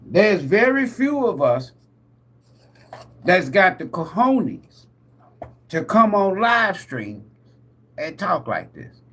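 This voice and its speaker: A man hosting a live tarot stream, ranting like a preacher with lots of swearing. He laughs often, asks his viewers questions, and swings between loud bursts and muttered asides. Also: sits high, sing-song, takes it slowly, pauses often, slightly rough. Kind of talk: profane preacher-style rant.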